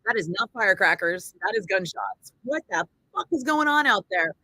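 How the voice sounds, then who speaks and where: A bright, forceful woman in her forties tells a story, lively and full of swearing as she acts out each person she quotes. The recording is dry and close, with no room sound. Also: mid-range voice, normal speed, dry recording, rough recording. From Northern California. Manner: animated, swearing freely, acting out quoted voices. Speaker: radio host telling a story on a livestream. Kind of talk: casual storytelling.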